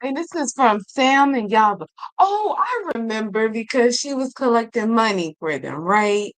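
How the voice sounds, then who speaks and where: A woman's voice: a little high, big pitch swings, normal speed, no room sound, poor audio. A woman on a livestream panel, asking short questions and reacting to the host. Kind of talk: casual livestream chat.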